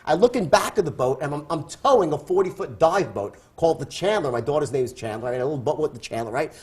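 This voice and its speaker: A man being interviewed, telling an anecdote in a lively, playful way. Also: on the high side, quick pace. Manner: animated, playful storyteller. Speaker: interview guest. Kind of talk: storytelling anecdote.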